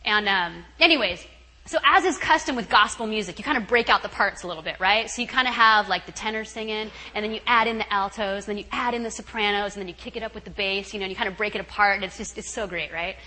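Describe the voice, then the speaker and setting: A woman guest speaker telling a story at a retreat in an animated, chatty way, full of "you know" and "right". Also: mid-range voice, fast, poor audio.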